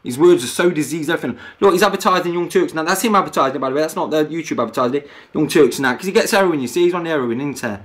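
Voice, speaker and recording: Brief: male vlogger, quick and high-pitched, crude, repetitive angry ranting. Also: fairly bright tone. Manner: profane, repetitive, keeps asking "do you know what I mean". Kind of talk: angry rant over video clips.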